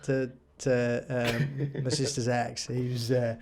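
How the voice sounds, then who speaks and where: A man's voice: mid-range voice, little pitch movement, slow, a little mellow, a little hiss or hum. A man, telling crude stories in casual podcast banter and slipping into put-on voices. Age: 20s. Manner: rambling storytelling with put-on voices. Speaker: podcast co-host.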